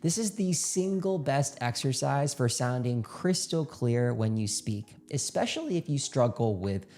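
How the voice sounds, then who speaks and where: A man's voice: medium pitch, lively intonation, unhurried, warm tone. Upbeat man coaching speech skills. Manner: upbeat, coaching, demonstrates exercises aloud. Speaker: speaking coach. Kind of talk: direct-to-camera instructional talk.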